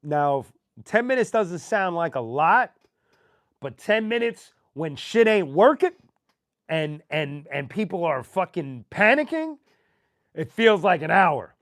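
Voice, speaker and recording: A man hosting a show, casually telling a profane, animated anecdote full of slang. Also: sits high, slow pace, no room sound, clean studio sound. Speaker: host. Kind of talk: casual storytelling.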